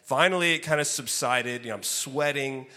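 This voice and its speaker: Preaching as a guest speaker in a church sanctuary, a man with a mid-range voice at normal speed tells a personal story with animation, loudly exclaiming the quotes as he acts them out. He then eases into soft, hushed, reflective teaching, all of it carried by the long reverb of a large hall.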